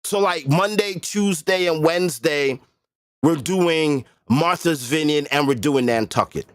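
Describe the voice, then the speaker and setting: A man's voice: a little high, a little slow, dry recording, clean studio sound. A man hosting a livestream, talking casually and bluntly with profanity and emphatic repetition. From Boston area. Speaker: livestream host.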